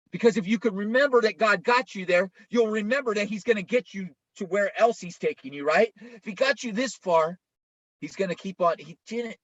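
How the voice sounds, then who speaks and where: A man's voice: high voice, fairly quick, fairly bright tone, dry recording. A male pastor preaching an informal, conversational sermon, often checking in with listeners by asking "right?". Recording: dull lo-fi, dry sound.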